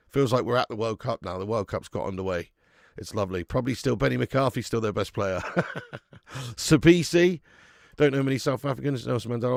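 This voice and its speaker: A man's voice: mid-range voice, vocal fry, dry recording, clean studio sound. A man with a chatty, sweary manner hosting a live football watch-along, greeting viewers in the chat as he commentates.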